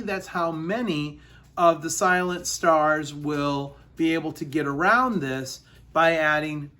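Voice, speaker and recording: A male teacher walks his class through a history lesson, speaking slowly and deliberately. He stumbles often, fills gaps with ums and uhs, and repeats key sentences for emphasis. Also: fairly high pitch, a bit bright. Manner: slow, halting delivery with many fillers and repeated phrases.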